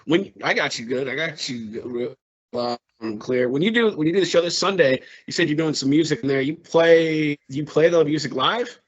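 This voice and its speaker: A man's voice: a little high, normal speed, slightly rough, no echo. A man interviewing a guest, laughing easily and asking eager follow-up questions. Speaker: interviewer host. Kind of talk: casual interview. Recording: dry lo-fi call audio.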